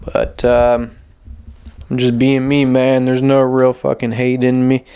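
Young guy on his podcast, rambles a lot, swears constantly, says like and man every few words, mid-pitched voice. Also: monotone, slow, mellow, smooth. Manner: rambling, profane, heavy on "like" and "man". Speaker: podcast host. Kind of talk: casual monologue.

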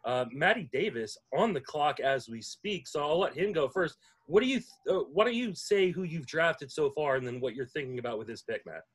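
A man's voice: a little high, animated, fairly quick, few pauses, fairly bright tone, slightly rough. A man hosting a casual podcast, friendly and joking as he introduces guests. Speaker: podcast host.

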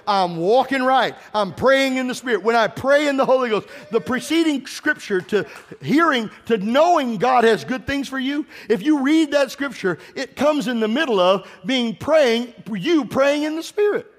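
With an animated delivery at normal speed, this male pastor preaches in a bright, high register, pressing his congregation to answer him back. His sermon weaves scripture together with personal anecdotes, and a long reverb from the big sanctuary trails his words.

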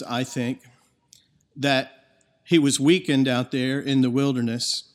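A man preaching a sermon in an earnest, emphatic way, his voice rising in bursts of intensity. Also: medium pitch. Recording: long reverb of a large hall.

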